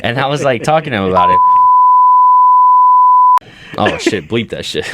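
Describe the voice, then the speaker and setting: A young adult man on a comedy podcast, telling profane stories about his dad and mimicking him in a lower, flatter voice. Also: normal speed, pauses often, very noisy. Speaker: podcast co-host. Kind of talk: casual comedy podcast chat.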